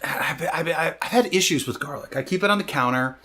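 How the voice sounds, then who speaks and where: A man co-hosting a comedy podcast, chatting casually and landing deadpan punchlines. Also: fairly high pitch, brisk. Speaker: podcast co-host.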